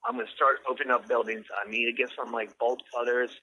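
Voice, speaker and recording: A man's voice: medium pitch, level tone, quick pace, dull audio, a crowd in the background. A middle-aged man from Virginia with a Southern accent, co-hosting a casual podcast chat and telling loose, laughing stories. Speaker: podcast co-host.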